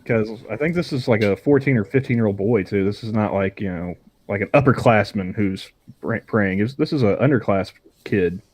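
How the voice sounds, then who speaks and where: A man's voice: lowish voice, moderate pace, darkish tone. A young man co-hosting a podcast, rambling in casual chat and often stammering and restarting his sentences. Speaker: podcast co-host.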